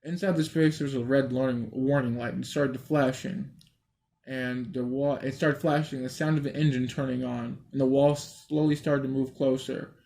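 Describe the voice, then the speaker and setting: Man, gravelly voice, casual storytelling reader who swears and digresses. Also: medium pitch, steady tone, moderate pace, warm tone. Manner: rambling, swears, stops for asides. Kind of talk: casual reading of a dream story.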